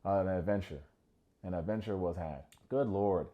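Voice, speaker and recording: A man giving a casual video recap of a reality TV show, chatty and animated, talking straight to his viewers. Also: low voice, moderate pace, phone-quality sound.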